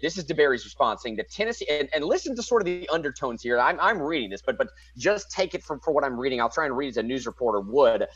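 An excitable man co-hosts a casual political talk show, slangy and quick to react as he reads news items aloud. His voice sits at a middling pitch. The sound is dull and lo-fi, with a dry, close feel. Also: breathy edge, no room sound. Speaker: podcast co-host.

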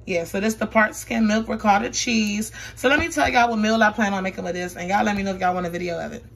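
Excited chatty woman vlogging from her kitchen. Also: mid-range voice, quick pace, creaky. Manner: excited, chatty, says "y'all" often. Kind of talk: casual vlog. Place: home kitchen.

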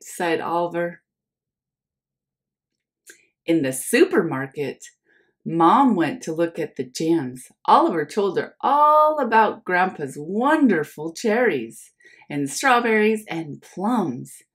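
A young woman teacher reads a picture book aloud to children, friendly and calling them her friends. She speaks slowly, with a lively, sing-song rise and fall. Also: fairly low pitch. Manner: friendly, addresses listeners as friends.

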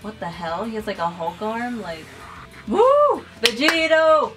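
A young woman hosting a casual reaction video, talking excitedly, swearing freely and saying "like" a lot. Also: lowish voice, normal speed, over music, low-quality recording. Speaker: reaction channel host. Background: anime episode audio playing.

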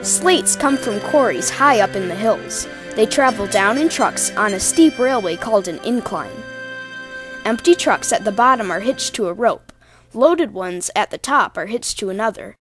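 A woman narrating a children's storybook, expressive and voicing the characters. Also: mid-range voice, normal speed, music in the background.

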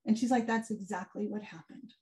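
A woman giving a keynote talk, telling a personal story in an animated way and acting out the quoted dialogue. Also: medium pitch, a little fast. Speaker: keynote speaker. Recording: far from the mic, some echo.

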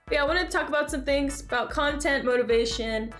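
High-voiced woman streamer chatting upbeat. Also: a bit bright, soft background music. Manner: upbeat, chatty, greets viewers by name in quick bursts. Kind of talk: casual chat greeting live viewers.

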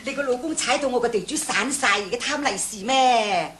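A woman's voice: a little high, fairly quick, fairly bright tone, slight background noise, lightly acted. An actress playing a bossy, superstitious Chinese mother-in-law with a Hong Kong Cantonese accent, speaking clipped broken English. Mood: bossy teasing. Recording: sitcom studio with audience laughter.

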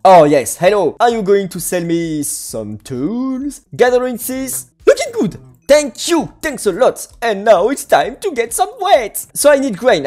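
A woman's voice: a little high, darkish tone. Bubbly woman gaming. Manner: bubbly, exclaims and giggles, hums little tunes. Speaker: gaming video creator. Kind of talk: playful gameplay commentary.

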